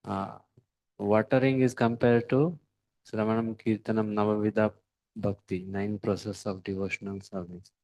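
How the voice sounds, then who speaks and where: Halting man giving a sermon. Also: fairly low pitch, flat delivery, a little mellow, no room sound, poor audio. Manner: halting, with frequent pauses and fillers; asks the listeners rhetorical questions. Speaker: devotional lecturer.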